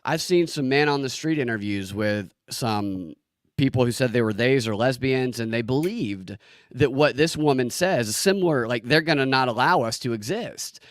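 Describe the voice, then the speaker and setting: A man's voice: medium pitch, lively intonation, moderate pace, no room sound, clean studio sound. A man hosting a podcast, giving sarcastic political commentary and often stammering and restarting his sentences. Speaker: podcast host.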